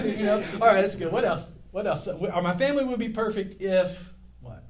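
A man's voice: high-pitched, normal speed, a crowd in the background. A middle-aged man preaching a sermon to his congregation, rambling off on tangents with self-deprecating humor. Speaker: pastor. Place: church with a congregation.

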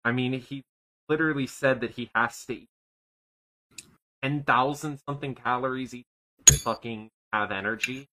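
A man's voice: medium pitch, fairly even intonation, moderate pace, pauses often, noisy background. A man co-hosting a podcast, chatting casually in a rambling, profane way that often trails off. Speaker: podcast co-host. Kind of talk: casual commentary chat.

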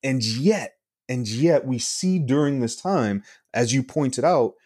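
Guy hosting a podcast, asks a slow thoughtful question, mid pitch. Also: expressive, darkish tone, husky. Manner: thoughtful, probing questions with restarts. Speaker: podcast host, school principal. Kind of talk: interview questions.

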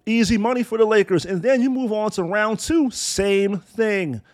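A man's voice: high-pitched, normal speed, a little mellow. A man hosting a sports talk show, ranting bluntly and profanely, with sarcastic strings of insults. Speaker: sports podcast host.

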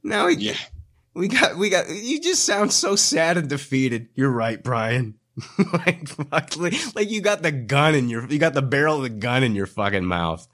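A man's voice: on the high side, big pitch swings, moderate pace, fairly bright tone. A man hosting a podcast, teasing a guest in profane, mock-indignant banter and laughing often. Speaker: podcast host.

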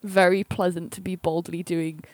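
A woman's voice: fairly low pitch, level tone, moderate pace, dry recording. A woman co-hosting a casual podcast over a remote call, cheeky and sweary, laughing as she talks. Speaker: podcast co-host. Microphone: remote internet call.

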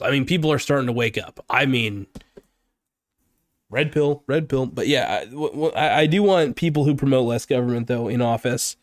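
A man rants into a close mic, angry and rambling, swearing often. His voice sits in a middle pitch and sounds dry, with no room echo at all. It is an unscripted, heated vlog monologue. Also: lively intonation, fairly quick. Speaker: political vlogger. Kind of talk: unscripted political rant.

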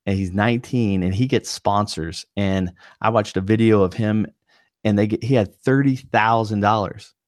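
A man with a very deep voice, co-hosting a laid-back podcast. He rambles, trips over his words and fills gaps with "like" and "you know". The sound is dry and close, with no room echo. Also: fairly even intonation, moderate pace. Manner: rambling, lots of fillers and restarts. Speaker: podcast co-host, streamer. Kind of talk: casual podcast chat. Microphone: video call.

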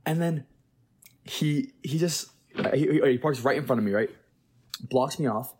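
Husky-voiced young man telling a rambling story. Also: mid-range voice, unhurried, darkish tone. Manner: rambling storyteller, repeats "right?". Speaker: podcast co-host. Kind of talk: casual chat.

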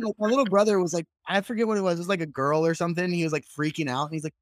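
Man with a higher voice chatting casually. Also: rapid-fire, hardly any pauses, no room sound. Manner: relaxed, laughs often, swears. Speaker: podcast co-host. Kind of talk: casual chat.

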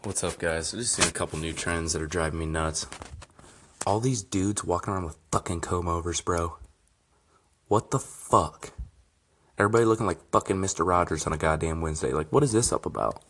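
A man's voice: sits low, a little fast, fairly bright tone, breathy edge. A man in his twenties hosting a casual podcast, ranting loosely with heavy swearing while sipping beer. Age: 20s. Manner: profane, loose, drinking beer while talking. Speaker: podcast host. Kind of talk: casual comedic rant.

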